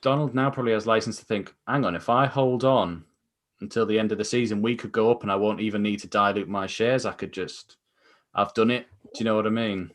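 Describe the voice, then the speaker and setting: Man, lowish voice, thoughtful and speculative. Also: steady tone, brisk, a bit bright. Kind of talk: casual live panel chat.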